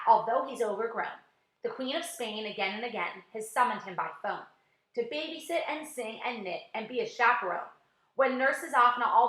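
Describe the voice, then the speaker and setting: A woman's voice: on the high side, pushed and bright. A woman voicing a cheerful small boy in a storybook, eager and friendly, in an echoey room.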